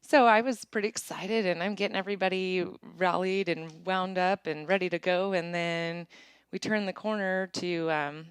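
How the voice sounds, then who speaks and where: A woman who founded an apparel business, chatting casually in an interview and telling stories with lively acted-out quotes. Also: lowish voice, normal speed, clear, resonant tone, no echo. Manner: chatty, animated storytelling with bright acted-out quotes. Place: small town in Montana.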